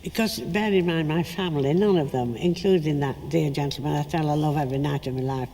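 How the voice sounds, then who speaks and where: Older actress, anecdotal interviewee, faint ambience behind. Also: female voice, deep voice, brisk, dark tone, long reverb tail, slight background noise. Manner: chatty anecdotal, acts out quotes. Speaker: actress recalling her career. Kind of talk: storytelling interview.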